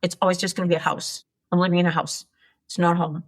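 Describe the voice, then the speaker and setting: Lady in her 60s, guest on a business podcast, blunt and chatty, swears a bit, lowish voice. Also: fast talker. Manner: frank, animated, swears casually. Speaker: guest, entrepreneur. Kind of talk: candid interview storytelling.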